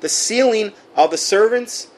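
A man's voice: sits high, unhurried. A man preaching fiery commentary, reading a letter aloud and then rebutting it with indignation. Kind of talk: sermon-style commentary read from a recording.

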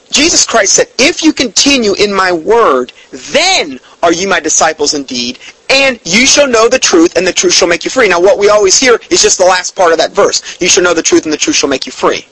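A man's voice: high voice, sharp tone, breathy edge, low-quality recording. A man giving a blunt, emphatic Bible teaching, denouncing other churches and quoting scripture at length. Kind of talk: preaching-style Bible teaching.

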